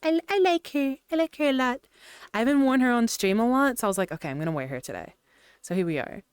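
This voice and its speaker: A woman's voice: a little high, animated, fast, clean tone, dry recording, clean studio sound. A young adult woman chatting casually on a VR stream, greeting viewers and giggling often. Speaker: VRChat streamer.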